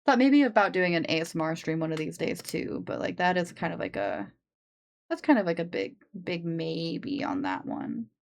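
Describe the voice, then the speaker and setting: A woman's voice: lowish voice, very animated, moderate pace, gravelly. A woman chatting casually on a live stream into a sensitive desk microphone, rambling with lots of fillers and restarts.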